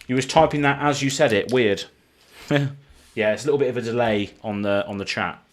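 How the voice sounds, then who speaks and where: A man's voice: medium pitch, a little fast, a little hiss or hum. Chatty British man opening card packs. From United Kingdom. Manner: chatty, reads card names in a running list. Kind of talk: casual live-stream chat.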